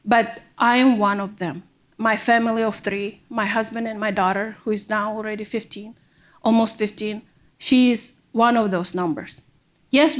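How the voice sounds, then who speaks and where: At a university event hall, an earnest woman from Kyrgyzstan gives personal testimony as a panel speaker at a public event. Her mid-range voice is emotional, and her non-native phrasing comes out halting.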